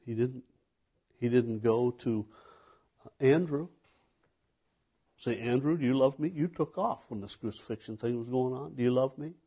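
A man's voice: medium pitch, normal speed, long pauses, mellow, breathy edge. A man preaching a sermon in a conversational way, asking the listeners questions. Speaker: pastor.

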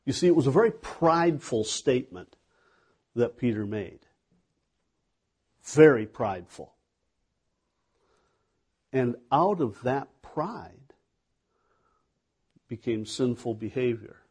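A male pastor delivers a sermon at an unhurried pace. His voice is mellow and a little husky, and he speaks conversationally, putting questions to his listeners. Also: mid-range voice, animated. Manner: conversational preaching with rhetorical questions.

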